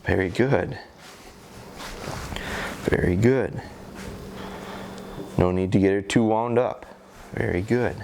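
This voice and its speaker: A middle-aged American man, a gun dog trainer, calmly explaining a training session and hesitating with fillers as he goes. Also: on the low side, takes it slowly, creaky, long pauses, background noise. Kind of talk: instructional talk during a training session.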